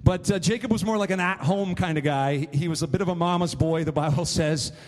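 A man's voice: fairly high pitch, fairly quick, a little mellow, long reverb tail. A man preaching a sermon, retelling a story in a loose, rambling way full of fillers. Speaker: pastor.

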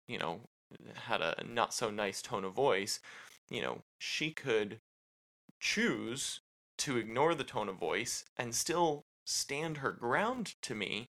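A man's voice: lowish voice, pushed and bright, poor audio. A man co-hosting a casual marriage podcast, explaining things loosely with lots of "you know" fillers. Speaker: podcast co-host.

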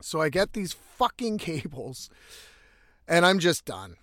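A man's voice: on the high side, very animated, takes it slowly, a bit bright, dry recording. Profane rambling man telling a story. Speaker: vlogger. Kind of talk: casual storytelling monologue.

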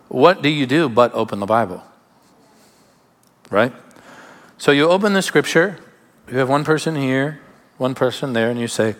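A man preaching a sermon as pastor, emphatic, with sudden drops to quiet asides. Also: mid-range voice, lively intonation, normal speed, long pauses. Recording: long hall reverb.

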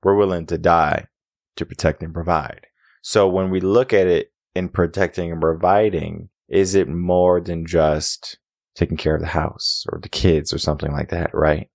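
A man's voice: deep voice, creaky, no echo, clean studio sound. A young adult man hosting a podcast, giving an opinionated monologue full of rhetorical questions. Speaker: podcast host.

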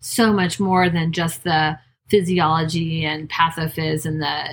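Supportive woman co-host, low voice. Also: little pitch movement, unhurried, slight background noise. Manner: supportive, reflective listener. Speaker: midwife and podcast co-host. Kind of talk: casual chat.

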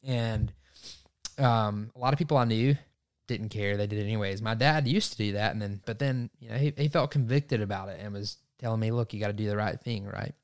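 A man's voice: fairly low pitch, fairly quick. A young man, telling a hunting story on a podcast and acting out his own thoughts. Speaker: podcast host. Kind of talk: casual storytelling.

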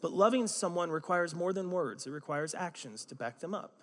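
A man's voice: sits high, animated, a little fast. A man preaching a sermon as a pastor, telling stories in a conversational way with self-mocking humor, recorded in a church sanctuary. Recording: long hall reverb.

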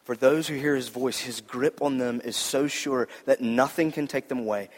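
A pastor preaches a sermon to a young audience, earnest and conversational, leaning on repeated phrases. His voice sits at an ordinary middle pitch and moves at normal speed, while a long reverb trails each line as though he's in a large hall.

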